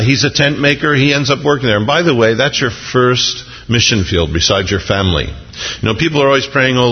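A gravelly, slightly husky man preaches a sermon, animated and lively as he acts out quotes. The sound is dull and lo-fi, with a long reverb trailing off in a large hall. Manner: animated, jumps into high excited voices when acting out quotes. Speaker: pastor.

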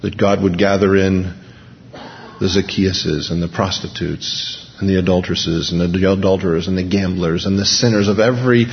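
A man's voice: deep voice, steady tone, normal speed, slight background noise. A man preaching an impassioned sermon in a church hall, building to emphatic repeated peaks. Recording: dull lo-fi recording with long hall reverb.

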